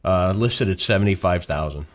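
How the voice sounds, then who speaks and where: A man on a radio real estate show describing listings in a relaxed, folksy way. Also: low voice, normal speed. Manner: relaxed, folksy sales talk. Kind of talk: casual radio talk show.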